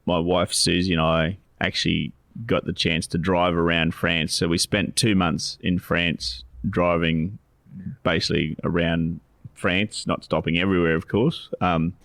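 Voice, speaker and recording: A man's voice: low-pitched, level tone, unhurried, creaky, fairly bright tone, no room sound. A man, co-hosting a podcast in a loose, rambling chat full of restarts and fillers. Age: 40s. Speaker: co-host, financial adviser.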